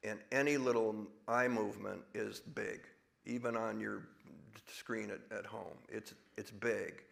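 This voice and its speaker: Gravelly low-voiced man in his sixties. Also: fairly even intonation, a little slow, a bit bright. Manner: rambling with restarts, drops into big put-on voices when quoting. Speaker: actor guest. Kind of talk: live stage conversation.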